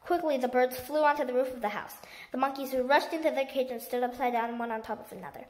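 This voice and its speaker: A woman reading a children's book aloud in a lively storytelling manner. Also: high voice, fast. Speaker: storybook reader.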